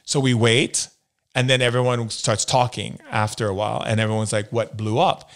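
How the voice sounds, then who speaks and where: A man's voice: medium pitch, flat delivery, normal speed. A man from the United States, a spiritual healer as interview guest, telling stories and acting out the voices he quotes. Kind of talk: storytelling in a conversation.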